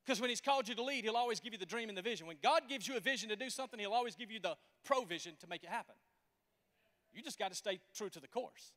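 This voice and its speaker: A pastor in his forties preaches with an animated, folksy storytelling manner. His voice sits very high for a man, and it echoes through a church sanctuary with a long reverb. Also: fast. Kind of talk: sermon.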